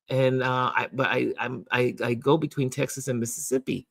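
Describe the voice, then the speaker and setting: Male community host, casual storyteller, dry close sound, slightly husky voice. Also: medium pitch, normal speed, hardly any pauses, no echo. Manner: animated storyteller, acting out both sides of a conversation; chatty, with many restarts and repeated "I said". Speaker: game night host.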